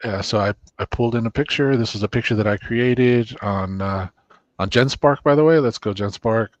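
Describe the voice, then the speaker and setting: A man hosting a casual chat while walking through a software demo, rambling with restarts and fillers. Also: on the low side, moderate pace, dry recording, dull audio. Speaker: co-host demoing software. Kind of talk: casual screen-share chat.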